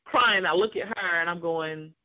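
A woman guest telling a personal story in an interview, animated and laughing often, acting out the voices of people in it. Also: fairly low pitch, moderate pace, lo-fi sound. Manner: laughs often while talking.

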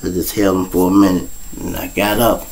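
A man around fifty with a Chicago accent, hosting his own show and telling a raw street story to his listeners, profane and blunt, breaking into loud acted-out voices. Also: low-pitched, fairly even intonation, a little fast, gravelly, slight background noise, low-quality recording. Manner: profane, blunt, addresses listeners directly, acts out voices loudly. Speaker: show host.

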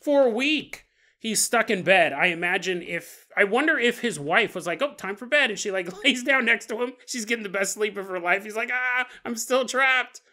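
A man's voice: high-pitched, lively intonation, normal speed, bright, forceful tone. A man hosting a paranormal podcast, retelling a story casually with joking asides and laughter. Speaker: podcast host.

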